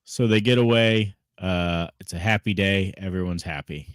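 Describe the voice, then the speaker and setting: A man's voice: sits low, normal speed, smooth, no room sound. A man co-hosting a casual podcast chat, asking questions with dry, wry remarks. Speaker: podcast co-host.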